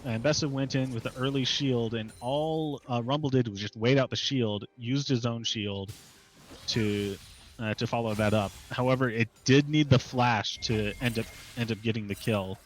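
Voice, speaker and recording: A man's voice: medium pitch, moderate pace, slight background noise, rough recording. A man giving color commentary on an esports match, breaking down plays in a loose, conversational way. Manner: conversational analysis with light laughs and filler. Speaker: esports caster.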